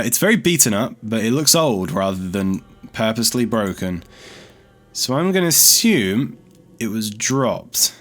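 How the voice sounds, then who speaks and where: A man's voice: medium pitch, a bit bright. A man giving casual gameplay commentary as a let's play host, chatty and thinking aloud as he explores, easily startled.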